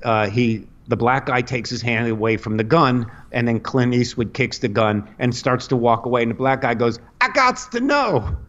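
A middle-aged man, a comedian guest, telling a long rambling story on a podcast, animated and full of restarts. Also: medium pitch, moderate pace, hardly any pauses. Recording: dull lo-fi podcast audio.

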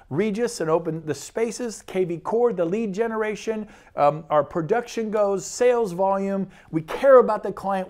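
A man's voice: high-pitched, darkish tone. A man who works as a real estate broker, giving an enthusiastic, rambling sales talk about his brokerage. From Sacramento, California. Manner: enthusiastic, rambling, repeats phrases.

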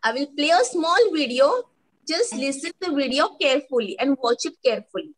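A woman teaching young children an animal poem in Indian English, speaking in a slow sing-song way and imitating animal sounds. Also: high-pitched, very animated, rough recording. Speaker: primary school English teacher. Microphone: online lesson recording.

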